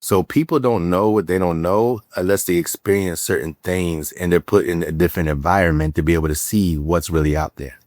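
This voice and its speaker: A man, a real estate entrepreneur telling animated stories as a podcast guest, acting out the quotes with many fillers and restarts. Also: sits low, brisk, few pauses, dry recording, studio quality. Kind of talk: casual storytelling interview.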